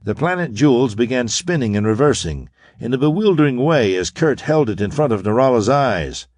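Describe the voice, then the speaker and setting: Lively male audiobook narrator. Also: mid-range voice, normal speed, no room sound. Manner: steady, dramatic storytelling. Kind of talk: scripted narration.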